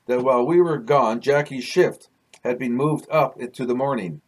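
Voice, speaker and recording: A Canadian man reads his own novel in a relaxed, conversational way, drifting into side remarks. He often corrects himself mid-sentence. His voice sits in an ordinary middle pitch. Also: normal speed. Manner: casual, digressive, restarts mid-sentence. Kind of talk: chatty book reading with asides.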